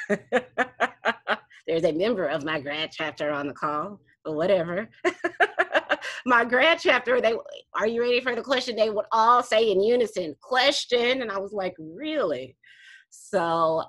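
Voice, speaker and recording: In an online teaching session, a woman explains meeting procedure to her study group, frequently laughing and fixing her own wording. She speaks fairly low with a bit of brightness and a breathy edge, and there's no room sound.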